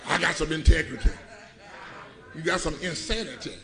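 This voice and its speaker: A middle-aged man with a high voice delivers a storytelling sermon. He jumps between chuckling asides and shouted emphasis. A lively congregation fills the background. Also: moderate pace, crowd noise. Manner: animated, shouting and laughing with the congregation. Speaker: preacher. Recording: church congregation audible. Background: live congregation.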